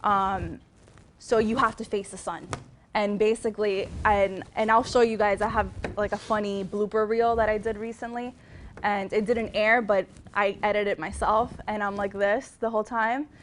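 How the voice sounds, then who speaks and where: A woman's voice: mid-range voice, steady tone, moderate pace, a little hiss or hum. Chatty young woman with a Miami accent. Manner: chatty, frequent ums and restarts. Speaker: TV news reporter giving a guest talk. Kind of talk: casual advice talk to students.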